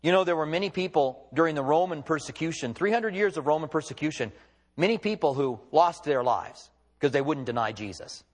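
A man's voice: fairly high pitch, animated, fairly quick. A male pastor preaching a sermon, retelling the story with quoted dialogue in an emphatic, storytelling way.

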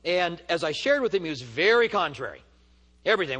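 A man's voice: high voice, big pitch swings, racing, a bit bright, long reverb tail. A man teaching a church study, telling stories in an emphatic, rising preaching manner. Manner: storytelling, emphatic and rising when stirred. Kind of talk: sermon.

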